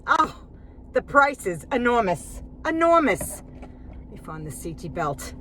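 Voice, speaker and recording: A woman's voice: medium pitch, lively intonation, normal speed, fairly bright tone, slight background noise. A woman ranting sarcastically to her viewers on a phone vlog while she runs errands and then cooks at home. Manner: sarcastic, chatty, talks to viewers as friends. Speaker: vlogger. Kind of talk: casual vlog rant. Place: car and grocery store, then home kitchen.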